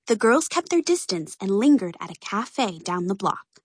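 Animated woman reading a storybook. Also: medium pitch, normal speed, slightly rough, no echo, clean studio sound. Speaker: narrator.

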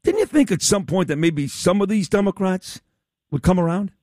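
A talk radio host with a fairly high voice that swoops up and down as he leans hard on key words. He sounds close and dry, with no room echo. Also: sing-song, moderate pace, a little mellow. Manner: emphatic, sweeping pitch swings, teasing. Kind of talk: opinionated talk radio interview.

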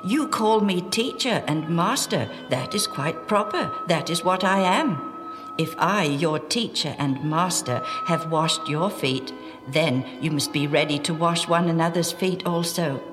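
A woman voicing a calm, gentle adult male teacher in a measured tone, in a read-aloud Bible story. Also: low voice, in a large hall, music in the background.

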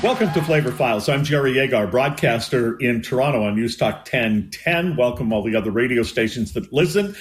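Older male host for talk radio, mid-pitched and relaxed. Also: a little fast, hardly any pauses, slight background noise. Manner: relaxed, joking, veteran broadcaster.

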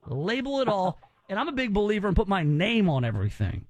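A male radio host with a high voice, joking and teasing his callers. He rambles in loose, casual banter and keeps the show moving. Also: huge pitch swings, fast, no room sound.

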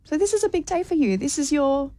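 Aussie lady co-host, kinda high voice, teasing and bubbly, dry mic. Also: sing-song, quick pace, dark tone, no room sound. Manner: playful, teasing, upbeat. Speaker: radio co-host. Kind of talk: casual studio banter.

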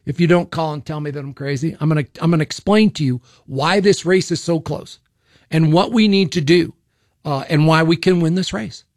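Opinionated talk radio host. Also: male voice, fairly high pitch, normal speed, a little mellow, no room sound, clean studio sound. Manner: opinionated, repeats words when starting sentences. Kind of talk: political talk radio monologue. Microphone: studio microphone.

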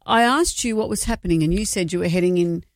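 A woman's voice: lowish voice, quick pace, no room sound. A woman co-hosting a radio show, teasing her partner with dry questions. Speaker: radio co-host. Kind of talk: casual radio banter. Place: radio studio. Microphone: studio mic.

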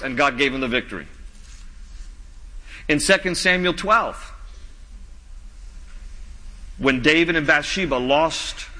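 A male pastor preaching a sermon, slow and emphatic, dropping low and soft on key lines. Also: in a large hall, rough recording.

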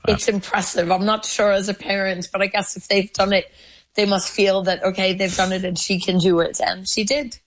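A woman's voice: medium pitch, level tone, moderate pace, a little hiss or hum. A woman speaking as a studio guest on a radio panel, thoughtful and a little hesitant, with fillers.

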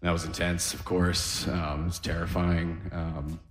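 A man's voice: deep voice, level tone, measured pace. A man in his thirties doing a rambling, self-deprecating stand-up set, often chuckling at his own jokes. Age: 30s. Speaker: stand-up comedian. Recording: roomy reverberant room.

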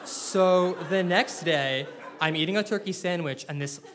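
A man's voice: high-pitched, unhurried. Wry young man telling a story live. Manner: self-deprecating, wry, animated. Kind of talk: live personal storytelling to an audience.

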